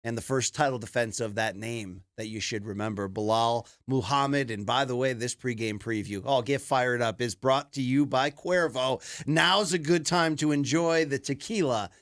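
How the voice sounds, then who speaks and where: A man co-hosting a sports talk show in a studio, loud and joking, laughing often, with a read-in sponsor spot. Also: mid-range voice, moderate pace, few pauses, no echo. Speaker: podcast co-host. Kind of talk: rowdy studio chat with ad read.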